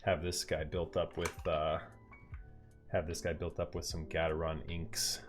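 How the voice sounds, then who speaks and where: A man's voice: very deep voice, monotone, unhurried. A man chatting casually with his viewers on a live stream while he builds a keyboard at home, upbeat and slangy. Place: home room. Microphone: headset. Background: faint music from a movie playing elsewhere.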